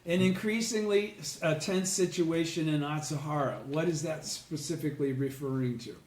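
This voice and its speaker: Explaining a text to a casual study group, this man speaks at normal speed in a fairly high, slightly mellow voice, asking "okay?" and "right?" to check understanding. Congested, he clears his throat repeatedly. The room is echoey, with slight background noise.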